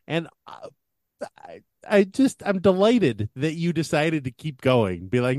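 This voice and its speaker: A man in podcast chat, teasing with dry wit. His voice runs a little high and moves around a lot. It is recorded dry and close. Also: lively intonation, a little slow, a little mellow, dry recording. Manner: wry, teasing. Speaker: podcast co-host. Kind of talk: casual chat.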